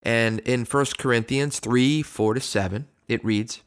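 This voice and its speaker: A man's voice: medium pitch, measured pace, clear, resonant tone. A man co-hosting a ministry discussion, speaking in an earnest, affirming way and reading scripture aloud. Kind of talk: conversational Bible discussion.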